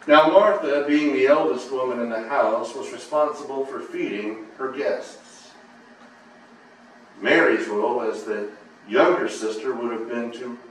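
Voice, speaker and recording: A man's voice: mid-range voice, a little hiss or hum. Male pastor, dramatic storytelling sermon, distant mic, faint room ambience. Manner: dramatic storytelling, swinging between hushed and loud. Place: church sanctuary. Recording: echoey church from a distance.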